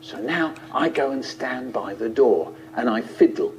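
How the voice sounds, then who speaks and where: A man telling a childhood story in a playful, expressive way. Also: mid-range voice, measured pace, few pauses, a little hiss or hum. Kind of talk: animated storytelling. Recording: lo-fi, muffled.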